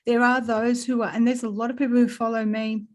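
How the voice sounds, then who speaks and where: An Australian woman sits in a relaxed spiritual chat and tells her story with lots of energy. She swears freely and laughs often, and her voice rises and falls in a lively way. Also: on the high side, quick pace. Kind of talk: casual spiritual conversation.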